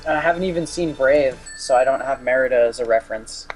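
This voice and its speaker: A man's voice: medium pitch, fast. A young man joins the commentary over a voice call, chatty and easy to laugh, spinning out long explanations. Faint game music plays beneath his voice. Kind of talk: casual gaming commentary.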